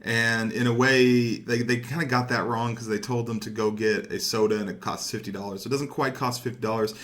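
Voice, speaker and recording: A man's voice: mid-range voice, fairly quick. Rambling, foul-mouthed young male gamer. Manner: rambling, profane, easily excited. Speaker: gaming commentator. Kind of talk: casual commentary over gameplay.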